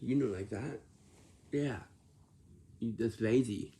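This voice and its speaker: A man's voice: mid-range voice, takes it slowly, mellow, husky. A man talking casually to camera, lecturing about lazy and rude behaviour and repeating himself often. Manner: repetitive, lecturing about manners.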